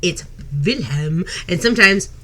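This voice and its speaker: A woman's voice: fairly low pitch, unhurried, heavily acted. A woman voicing a mischievous, hyper little boy in a tabletop game. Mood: excited. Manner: excited, bouncy.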